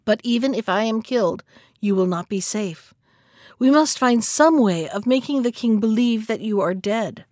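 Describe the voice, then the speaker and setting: A woman's voice: on the high side, animated, normal speed, a little mellow, dry recording, clean studio sound, natural voice. A woman reading the part of a kind, sorrowful captain of the guard who speaks in a mournful, earnest way.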